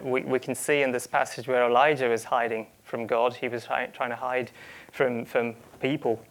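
A male preacher delivers a sermon in an earnest, searching way, often stumbling over and restarting his phrases. His voice carries a gravelly edge at a middling pitch. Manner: earnest, with frequent repeated starts and quoted asides.

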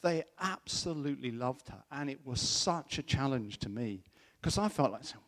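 A middle-aged man with a mid-range voice preaches at a moderate pace. Telling a personal story with energy, he performs the voices of the people he quotes.

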